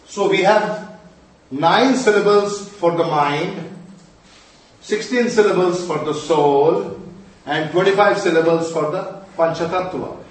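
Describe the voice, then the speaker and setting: A man's voice: high voice, slow. A middle-aged man teaching a class, quizzing the students, answering his own questions and scolding them playfully. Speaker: Sanskrit and mantra teacher. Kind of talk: classroom lecture. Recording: echoey room from far off.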